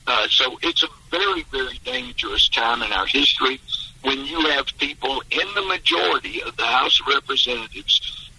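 A man's voice: medium pitch, moderate pace, sharp tone, slight background noise, poor audio. A man phoning in as a congressman guest on a radio interview, telling emphatic stories with chuckles.

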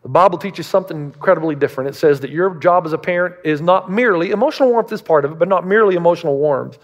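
A man's voice: fairly high pitch, very fast, dull audio. A man preaching a sermon as a pastor, emphatic and full of rhetorical questions. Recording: long reverb of a large hall.

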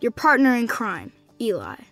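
A high, bouncy young boy's voice, acted by a woman, full of playful lighthearted energy. It is recorded close and dry, with faint music behind it, as in a radio play. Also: huge pitch swings, moderate pace, fairly bright tone, no echo, heavily acted. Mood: cheerful. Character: young boy, cheerful, playful optimist. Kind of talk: audio drama acting.

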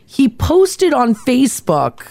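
A woman co-hosting a morning radio show, telling a story in a lively, animated way. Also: high-pitched, slow pace, creaky. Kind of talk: casual morning show chat.

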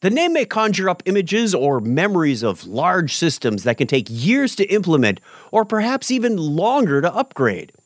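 An upbeat man hosts a tech podcast, his fairly high voice swinging up and down with energy. He is recorded close and dry, with no room sound at all. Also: normal speed, no echo. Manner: upbeat, animated, self-correcting. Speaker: podcast host. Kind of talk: podcast hosting, scripted intro then casual chat.

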